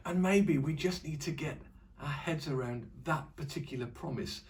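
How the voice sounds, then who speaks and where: A man's voice: on the high side, normal speed, slight background noise. A man presenting a casual online church devotional, chatty and rambling with fillers and restarts. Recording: distant mic.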